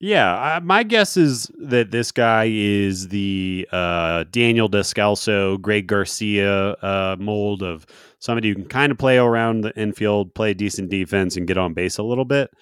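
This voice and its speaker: A man's voice: lowish voice, unhurried, a bit bright, clear, resonant tone, no echo, clean studio sound. A man co-hosting a sports podcast, talking in a rambling way with many fillers and restarts. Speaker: podcast co-host. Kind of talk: casual sports chat.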